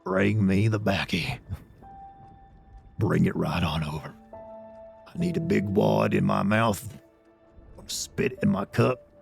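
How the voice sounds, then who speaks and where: A man voicing a rambling old Southern grandpa with a Southern accent and a slow, folksy drawl. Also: sits low, gravelly, soft background music, heavily acted.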